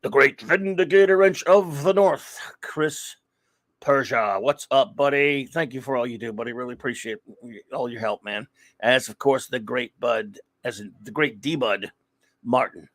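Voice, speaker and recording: A man hosting a live comics talk show, chatting casually and rambling through friendly shout-outs to viewers in the chat. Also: mid-range voice, steady tone, a little slow, no echo. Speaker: podcast host.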